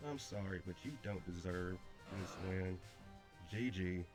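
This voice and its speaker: A man's voice: deep voice, measured pace, soft background music. A young man giving blunt, slangy commentary on his own game, repeating himself a lot. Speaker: draft league player. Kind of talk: casual gameplay commentary.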